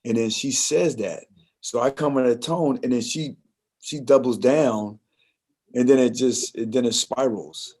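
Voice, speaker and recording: A man's voice: medium pitch, unhurried, a little mellow. A man hosting a podcast, talking in an enthusiastic, affirming way with loose, rambling sentences. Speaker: podcast host. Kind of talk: podcast conversation.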